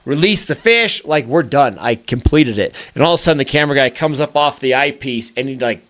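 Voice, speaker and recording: A middle-aged man hosting a podcast, telling a story in a casual way and acting out the quotes with big jumps in voice. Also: a little fast. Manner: animated, acts out quotes with big pitch jumps. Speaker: podcast host.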